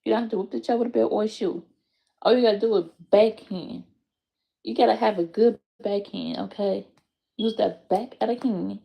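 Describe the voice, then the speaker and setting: A woman with tells a casual story in a gravelly, mellow mid-pitched voice. She is animated and swears freely, leaping up in pitch when she acts out quotes. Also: normal speed. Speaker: aunt telling a story.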